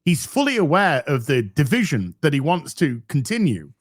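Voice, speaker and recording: A man ranting as a guest on a casual live stream, his pitch rising and falling in lively swings. He presses hard on his points and swears freely. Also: normal speed, husky, no echo, studio quality. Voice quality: heated, swearing, emphatic. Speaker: guest commentator.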